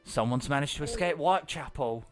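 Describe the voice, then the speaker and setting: A man's voice: on the high side, a little fast, close to an everyday voice. A man voicing a smarmy Cockney gang boss on the docks, sly and leering, with faint music behind. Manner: leering, sly, calls people love.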